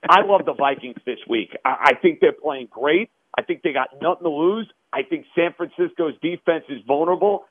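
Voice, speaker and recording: A man's voice: a little high, moderate pace, hardly any pauses, dry recording. Man giving sports picks on a tinny line. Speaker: sports radio co-host.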